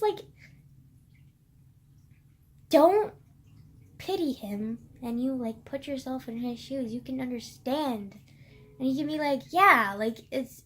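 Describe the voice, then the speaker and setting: A young woman vlogging about a book she loves, rambling casually with constant fillers and frequent swearing. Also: sits high. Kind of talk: casual chat.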